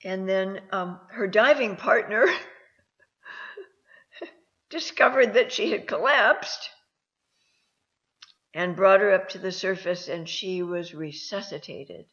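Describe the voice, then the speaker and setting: Woman host, unhurried storyteller, gravelly edge, halting delivery, dull lo-fi recording. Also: mid-range voice, a bit bright. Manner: slow, halting, with many ums and restarts. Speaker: host and counselor. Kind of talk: personal storytelling talk. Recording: dull lo-fi sound.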